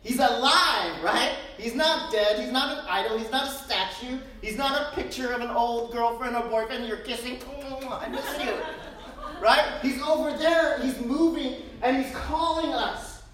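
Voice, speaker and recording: A woman pastor preaching a sermon in a lively, joking way, full of rhetorical questions, in a church. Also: a little high, normal speed, few pauses. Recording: very echoey room, distant mic.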